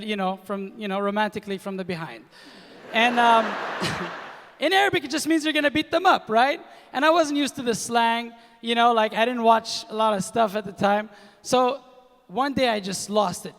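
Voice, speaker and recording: A young man from Kuwait performs stand-up comedy, animated and slipping into other people's voices as he tells his stories. His voice sits high, and the live show rings with long hall reverb. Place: comedy stage in a large hall with a live audience.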